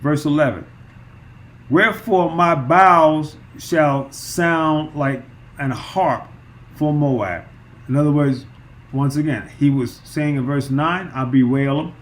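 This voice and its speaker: A man's voice: on the high side, slow pace. A man teaching through a Bible chapter verse by verse, emphatic, with frequent repeats and fillers.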